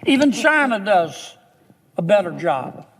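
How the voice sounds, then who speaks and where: A man's voice: high voice, big pitch swings, a little slow, a bit bright. A man, a politician, giving a formal floor speech with dramatic, folksy warnings. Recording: long reverb of a large chamber.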